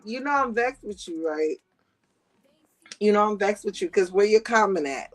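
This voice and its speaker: A woman hosting a casual livestream, reading viewer comments aloud. She talks in an animated, slangy way, laughs often and swears freely. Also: sits high, slow, long pauses. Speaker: livestream host.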